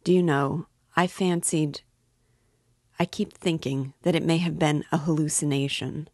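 A woman voicing a brooding, feverish young man in an audiobook reading, with a slow, uneasy, halting delivery. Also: low voice, steady tone, darkish tone, no room sound, studio quality.

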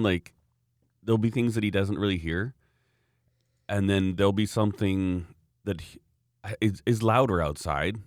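A man's voice: low voice, dry recording, studio quality. A middle-aged man telling a rambling, wry story in casual chat.

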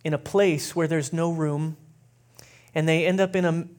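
A man preaching as pastor, chatty and relaxed with many fillers, slowing down to read scripture aloud. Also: a little high. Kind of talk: sermon.

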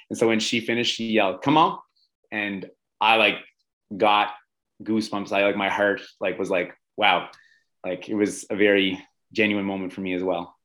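Chatty low-voiced male coach. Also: a bit bright, poor audio. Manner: enthusiastic, many fillers like "um" and "like". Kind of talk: casual interview talk.

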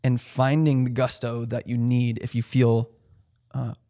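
A man's voice: mid-range voice, flat delivery, a little slow, warm tone. A man co-hosting a podcast, talking earnestly in a casual, rambling way with many restarts. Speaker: podcast co-host.

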